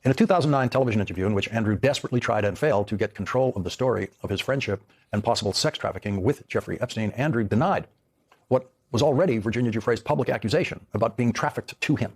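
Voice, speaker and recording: A man's voice: lowish voice, quick pace, husky. A man hosting a television news program, delivering an emphatic, pointed monologue. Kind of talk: broadcast monologue.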